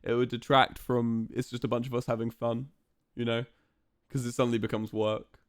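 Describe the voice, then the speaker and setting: A man's voice: mid-range voice, level tone, moderate pace, smooth, no room sound, clean studio sound. A young man streaming live, chatting casually and playfully to his viewers with lots of fillers.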